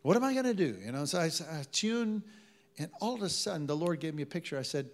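A man's voice: a little high, sing-song, moderate pace. A man preaching a sermon to a live congregation, telling stories in a conversational way and calling on the audience to respond. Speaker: pastor.

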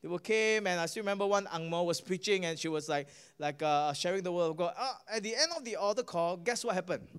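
A man's voice: high-pitched, quick pace, a bit bright, clean tone. A middle-aged man with a Singaporean English accent preaching a sermon and telling a testimony, often asking the audience "right?" and "guess what?".

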